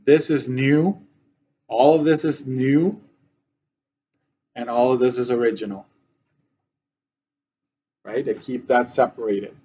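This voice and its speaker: A man's voice: medium pitch, dark tone, dull audio. A male math teacher giving a classroom lesson, often checking that his students follow.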